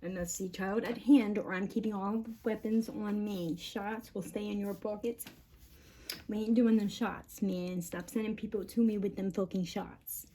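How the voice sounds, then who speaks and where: A woman rants to camera in a long, rambling monologue, her voice mellow and soft-edged despite the heavy cursing. She sounds agitated and laughs between thoughts, and a faint hiss of noise sits under her. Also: mid-range voice, fairly even intonation, moderate pace. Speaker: mother venting on camera.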